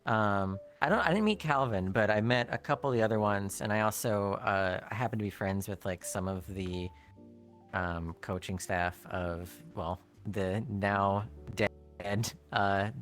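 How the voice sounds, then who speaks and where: A man with a lowish voice tells a long, loose anecdote as a guest, packed with fillers and bursts of animation whenever he quotes someone. Faint music runs underneath. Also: a little slow. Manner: rambling, many fillers, animated when quoting. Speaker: guest developer. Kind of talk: casual storytelling.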